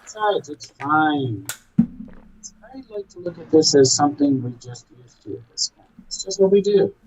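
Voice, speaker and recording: A man's voice: a little high, expressive, a little mellow. A young man streaming a game, bantering with a co-host in an exasperated, bossy way. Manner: exasperated, bossy, quick to snap. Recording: slightly dull, lo-fi mic.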